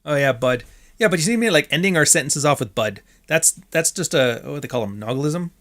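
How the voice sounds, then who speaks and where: A man's voice: on the high side, expressive, fast talker, a bit bright. A Canadian man hosting a livestream, talking in a blunt, rambling way and swearing freely. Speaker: stream host. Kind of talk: casual livestream commentary.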